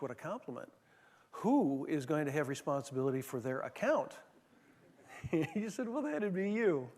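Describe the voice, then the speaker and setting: A man giving an anecdotal leadership talk, telling stories with many fillers and restarts. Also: a little high. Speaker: former managing partner giving a talk. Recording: long hall reverb.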